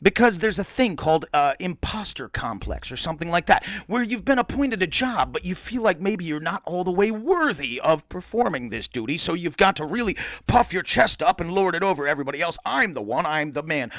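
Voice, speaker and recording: A man's voice: high-pitched, very animated, fairly quick, a bit bright, no room sound. Boisterous man hosting a podcast. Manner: boisterous, profane, rambling asides. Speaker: podcast host. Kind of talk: casual storytelling monologue.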